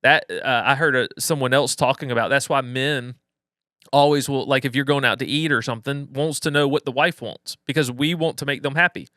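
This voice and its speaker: Male podcast co-host, crisp smooth tone, reflective and measured. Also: mid-range voice, fairly even intonation, bright, forceful tone, dry recording, studio quality. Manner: reflective, builds points slowly with restarts. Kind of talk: casual conversational podcast.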